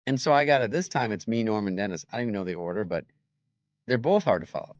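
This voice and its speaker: Lively middle-aged man telling stories. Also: fast, no echo, dull audio. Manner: animated, acts out quotes with loud jumps in pitch. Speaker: comedian guest. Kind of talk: casual storytelling chat.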